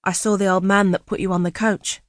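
A woman's voice: mid-range voice, level tone, fairly quick, no echo, clean studio sound, close to an everyday voice. A woman narrator voicing a sallow-cheeked male coach passenger who is suspicious and mocking. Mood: prying.

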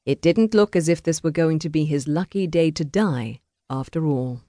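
A woman narrating a historical romance audiobook in a measured, even storytelling voice. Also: low voice, no room sound, clean studio sound.

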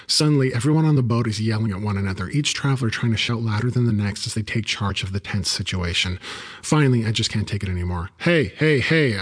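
A man reading a first-person story aloud as an audiobook narrator, in a wry, even storytelling manner. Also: lowish voice, slightly rough.

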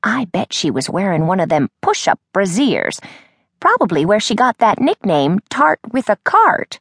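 A woman's voice: mid-range voice, big pitch swings, moderate pace, fairly bright tone, husky, dry recording, clean studio sound, exaggerated voice. A woman doing a chirpy, gossipy old grandmother. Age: older. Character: chatty wealthy old grandmother, lively and nosy.

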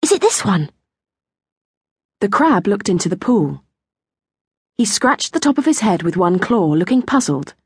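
A woman narrating a children's audiobook in a gentle storytelling manner. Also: medium pitch, normal speed, slightly rough, no echo. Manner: gentle storytelling, lively intonation. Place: recording studio. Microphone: close studio mic.

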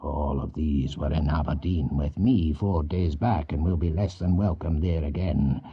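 A man voicing a domineering older Scottish earl in his fifties, with a low, gruff, commanding Scottish accent. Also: unhurried, highs cut off, exaggerated voice.

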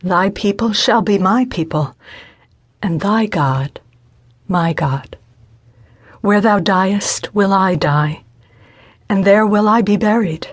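A woman's voice: medium pitch, slow, long pauses, husky, no room sound, clean studio sound. A woman voicing a devoted young widowed woman in an audiobook reading, earnest and steadfast. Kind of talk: scripted audiobook narration.

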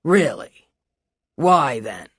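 A woman's voice: very deep voice, sing-song, drawn-out words, a bit bright, breathy edge, no room sound, studio quality, pitched below the performer's own voice, full character voice. A woman voicing a flamboyant, theatrical male defense lawyer with a silky, mocking drawl, in an audiobook. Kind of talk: audiobook character voice.

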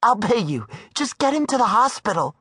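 Guy doing a frantic high-pitched woman, desperate and bossy, audiobook thriller. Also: big pitch swings, moderate pace, fairly bright tone, breathy edge, no echo, clean studio sound, heavily acted. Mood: pleading. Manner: frantic, pleading. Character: panicked woman caught cheating, desperate, bossy.

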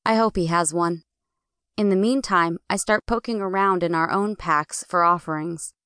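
A woman narrating a first-person audiobook in a smooth, somewhat low voice. Her delivery is clear and measured, recorded dry and close. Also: a bit bright, dry recording.

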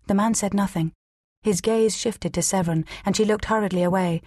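A woman narrating an audiobook in a measured, steady reading. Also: fairly low pitch, dry recording, studio quality. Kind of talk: scripted narration.

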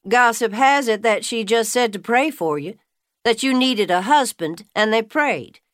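Brief: woman narrator doing teasing customer, lively and louder, raised pitch, dry studio. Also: a little slow, dry recording. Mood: gossipy. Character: teasing Southern woman customer, gossipy and warm.

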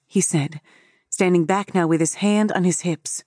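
A woman's voice: fairly low pitch, moderate pace, a little mellow, no room sound, clean studio sound. A woman narrating a first-person story for an audiobook in an intimate storytelling manner.

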